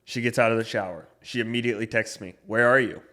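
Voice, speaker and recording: A young man co-hosting a podcast, rambling through a story with lots of swearing and getting loud when riled up. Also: mid-range voice, steady tone, quick pace. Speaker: podcast co-host. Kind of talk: casual chat.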